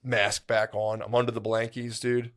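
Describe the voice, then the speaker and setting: This man's voice sits on the low side, with a fairly bright tone, a level delivery and normal speed. He's co-hosting a podcast, spinning a long meandering story in relaxed conversation, saying "like" and "dude" a lot and performing his own past thoughts.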